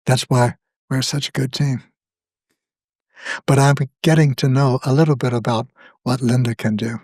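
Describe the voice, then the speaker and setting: An older man, a guest author, speaking in a slow, measured, thoughtful way in a reflective conversation. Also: mid-range voice, fairly even intonation, a little mellow, no room sound, clean studio sound.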